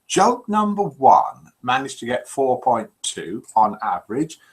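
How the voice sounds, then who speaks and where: Lively jokey host over fifty. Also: male voice, medium pitch, a little slow. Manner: jokey, reads out viewer messages. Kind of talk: live call-in show banter.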